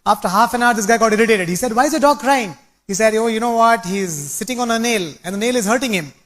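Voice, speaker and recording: A man's voice: high voice, quick pace, a bit bright. A man giving a rousing, preachy motivational talk, telling anecdotes to an audience. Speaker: speaker at a business meeting.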